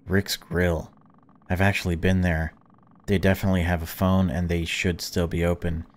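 A man playing a horror game and commenting in a hushed, jumpy, casual way, sometimes swearing. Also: low-pitched, level tone, normal speed. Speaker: let's-play gamer.

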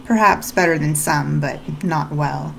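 A woman reading the lines of a brusque, commanding gentleman from a storybook read-aloud. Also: low-pitched, measured pace, creaky, slight background noise, full character voice, rough recording. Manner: curt, questioning, commanding. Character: brusque commanding gentleman, middle-aged man.

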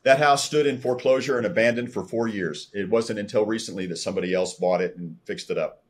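A man's voice: lowish voice, fast talker, slightly rough. A man from Texas, telling his story as a podcast guest and acting out the dialogue he recounts. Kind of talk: storytelling interview.

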